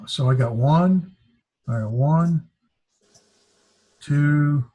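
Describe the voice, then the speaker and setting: A man teaching a classroom lesson, speaking haltingly and sounding words out syllable by syllable. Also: on the high side, dark tone. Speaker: Greek teacher.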